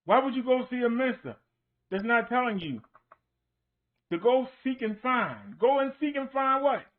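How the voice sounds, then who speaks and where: A man's voice: very high voice, animated, moderate pace. A man preaching on his online show, hammering points home with repeated rhetorical questions. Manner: emphatic, repetitive rhetorical questions. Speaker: minister. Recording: tinny phone-like sound.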